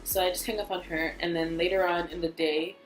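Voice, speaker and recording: A woman's voice: fairly low pitch, level tone, brisk. A young woman telling a storytime vlog in a blunt, profane, fired-up way. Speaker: vlogger. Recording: echoey room, faint music.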